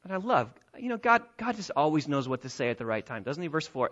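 A man with a high voice preaches a sermon as a pastor. He swings between quiet, thoughtful asides and raised, emphatic lines. The recording is slightly dull and lo-fi. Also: very animated, fast.

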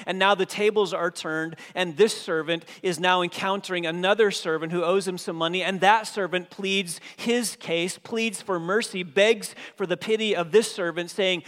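A man preaching a sermon as pastor, dynamic, swinging from hushed passages to emphatic ones. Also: high voice, moderate pace, hardly any pauses. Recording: long hall reverb.

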